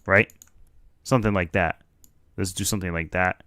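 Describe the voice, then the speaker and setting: A man's voice: sits low, normal speed, no room sound, studio quality. A young man giving casual, joking live commentary as a streamer reacting to a video. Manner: animated and joking.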